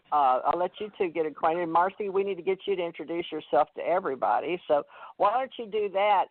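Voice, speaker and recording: A man's voice: fairly high pitch, no echo. A man hosting a call-in radio show, talking in a rambling way with many fillers and restarts. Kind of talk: casual call-in chat. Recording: tinny phone line.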